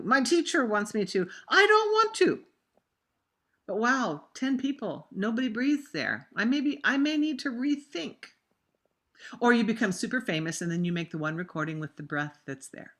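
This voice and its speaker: A woman opera coach leading a virtual master class over a video call, talking singers through diction and breathing, and breaking into loud spoken examples of words. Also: medium pitch. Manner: demonstrative, acts out diction examples with sudden loud bursts; conversational, warm coaching with fillers.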